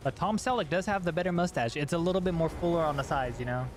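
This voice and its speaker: A man's voice: on the high side, fast, slight background noise. A young man casually chatting while streaming a video game, rambling, swearing and laughing at himself. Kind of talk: casual gaming chat.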